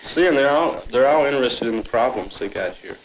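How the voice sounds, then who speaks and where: A man's voice: medium pitch, lively intonation, brisk, slight background noise, rough recording. A man explaining persuasively in a group discussion. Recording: crowd around on old film.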